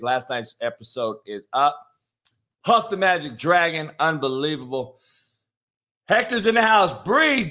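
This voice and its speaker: A man hosting a morning sports talk show, hoarse from yelling, brash and profane as he hypes the show and reads sponsor plugs. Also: fairly high pitch. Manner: brash, profane, hype-driven.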